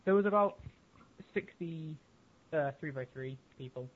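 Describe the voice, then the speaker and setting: Man around twenty, from Leeds, laid-back guest, slightly high voice, thin phone-like line. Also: measured pace. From Leeds, England. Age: about 20. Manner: laid-back, short dry answers. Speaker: podcast guest. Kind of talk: casual chat. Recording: thin phone-like call audio.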